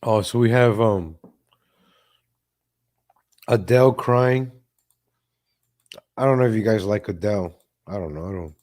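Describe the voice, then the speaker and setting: A man's voice: on the low side, measured pace, long pauses, a little mellow. A man hosting a live stream, reacting to clips with mocking, sarcastic commentary and repeating himself.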